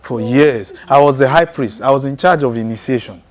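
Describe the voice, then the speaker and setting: A man's voice: mid-range voice, brisk. Emphatic man preaching a testimony. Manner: intense, emphatic storytelling with frequent chuckles. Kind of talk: testimony sermon.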